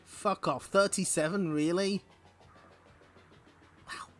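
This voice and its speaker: A streamer host reads a comic aloud with wry, profane commentary in a casual read-along. He swears and laughs often. His voice is high and slow with fairly even intonation, and faint music plays behind him.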